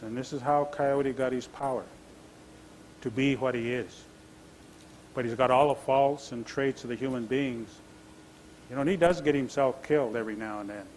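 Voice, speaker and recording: A Nez Perce man from the US Pacific Northwest telling creation legends in a relaxed, conversational way at a stage microphone. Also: mid-range voice, a little hiss or hum, poor audio. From Nez Perce homeland, US Pacific Northwest. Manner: relaxed, conversational, asides to listeners. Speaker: tribal storyteller. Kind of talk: oral storytelling.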